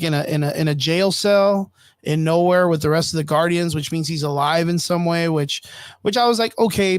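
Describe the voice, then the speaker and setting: Male podcast co-host, slightly high, dry close sound, loose profane rambling rant. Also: dry recording. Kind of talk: casual chat.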